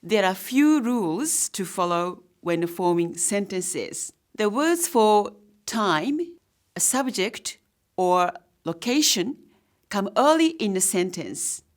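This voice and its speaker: Slow, lively-voiced woman teacher. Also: medium pitch. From Japan. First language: Japanese. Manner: slow, deliberate, explaining each word. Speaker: language teacher. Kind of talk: scripted lesson narration.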